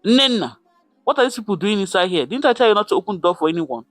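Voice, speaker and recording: A man voicing a worried mother who scolds her daughter with rapid questions. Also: high-pitched, expressive, no echo, faint music behind. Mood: scolding.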